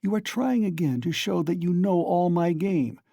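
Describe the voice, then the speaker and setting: A man's voice: high voice, expressive, vocal fry, warm tone, no echo, studio quality, heavily acted. A man reading aloud and voicing a tense young man under suspicion, strained and accusing. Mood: bitter. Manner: strained, accusing, at times slow and weak.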